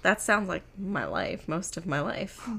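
Young woman co-host, low gravelly voice, lively storyteller who acts out quotes. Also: unhurried, slight background noise. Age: young adult. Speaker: podcast co-host. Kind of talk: casual chat.

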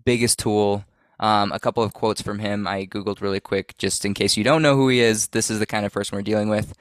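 A man's voice: on the low side, steady tone, fairly quick, clean tone, no room sound. A man co-hosting a podcast in casual chat, joking and sarcastic as he leads the segments. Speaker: podcast co-host.

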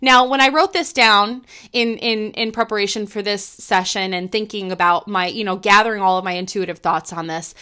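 Bright-voiced woman musing earnestly. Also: medium pitch, steady tone, moderate pace, few pauses, clear, resonant tone. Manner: gentle, earnest, thinks aloud with repeated restarts. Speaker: podcast host. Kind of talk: reflective spoken monologue.

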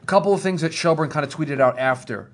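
A man co-hosting a podcast, talking fast and emphatically in casual chat and building to a rant. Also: a little high. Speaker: podcast co-host. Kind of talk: casual wrestling talk.

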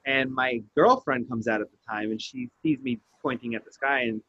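A man's voice: mid-range voice, moderate pace, slightly rough, no room sound, dull audio. A man telling a story in casual podcast chat, swearing freely and acting out the lines he quotes. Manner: profane, animated storyteller who acts out quotes.

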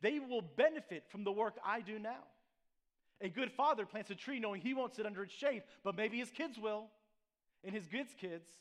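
A man with a high-pitched voice delivers a sermon as a pastor. He talks conversationally, checks in with the congregation, and restarts his phrases often. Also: lively intonation, moderate pace. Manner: conversational preaching with frequent "right?" and restarts.

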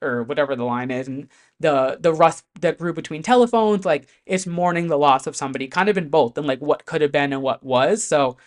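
Chatty, animated pop-music vlogger. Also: medium pitch, brisk. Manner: chatty, animated, heavy on fillers and swearing. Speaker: pop music commentator host. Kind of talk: casual chat to camera.

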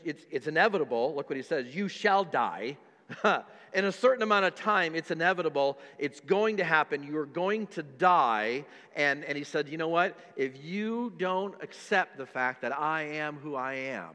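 A male pastor preaching a sermon, his voice sitting somewhat high. He presses his points hard, repeats words, and drops from loud emphasis to quieter asides. The sound carries a long church-hall reverb. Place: church sanctuary.

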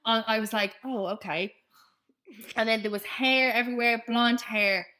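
A young woman tells a story on her podcast, animated and full of swearing. Her voice is bright and sits a little high. She talks in a loose, casual way. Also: moderate pace. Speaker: podcast co-host.

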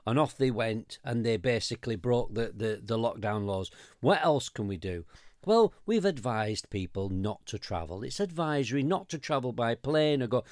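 A man's voice: mid-range voice, lively intonation, normal speed, darkish tone, no room sound, studio quality. An English man co-hosting a podcast, ranting in casual chat, swearing and stumbling over restarts while mocking the people he quotes. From England. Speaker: podcast co-host.

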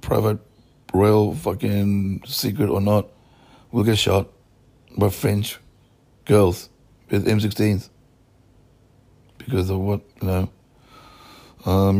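A man in a profane, rambling monologue that jumps between topics and swings between loud outbursts and low mutters. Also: vocal fry.

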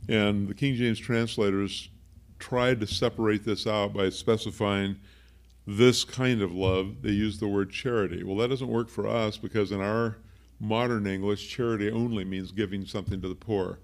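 Low gravelly guy preaching, chatty, explains words, goes off on little side stories. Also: steady tone, normal speed. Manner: conversational, explains word meanings with asides. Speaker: pastor. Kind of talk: sermon.

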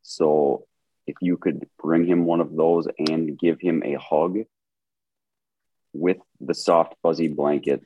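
A man appearing as a podcast guest, joking around in relaxed casual chat. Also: very deep voice, takes it slowly, lo-fi sound, slight background noise.

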